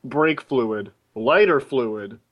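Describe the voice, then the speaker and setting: A young man in casual chat, giving a mock recipe in a deadpan joking manner. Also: medium pitch, very slow, lo-fi sound.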